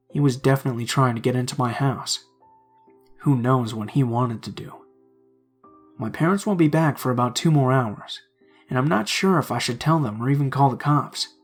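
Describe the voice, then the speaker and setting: A man reads true horror stories aloud in a hushed, suspenseful narration, his mid-range voice carrying a breathy edge.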